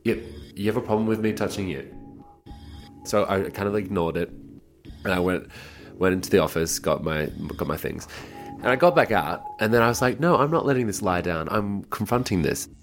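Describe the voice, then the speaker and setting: A man with a very low voice talks through personal stories in a loose, chatty way. He performs in drag and acts out the voices of the people in his stories. Faint music plays quietly behind him. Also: lively intonation, a little fast. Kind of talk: casual storytelling.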